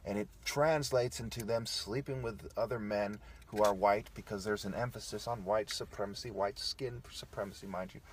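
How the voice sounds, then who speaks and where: A man's voice: on the low side, steady tone, normal speed, few pauses, a little hiss or hum. A man delivering a combative, profane, preachy monologue, tagging his points with "okay" and "right.". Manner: repeats "okay" and "right" as tags. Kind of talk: ranting monologue.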